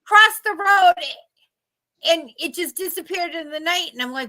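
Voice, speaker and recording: A middle-aged woman, telling animated stories in casual chat and acting out the people she quotes. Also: extremely high pitch, normal speed, few pauses. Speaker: host.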